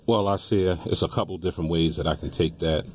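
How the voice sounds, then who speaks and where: Lowish-voiced man, halting co-host. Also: a little mellow, husky. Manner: halting, repeats words. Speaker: talk show co-host. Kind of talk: casual discussion.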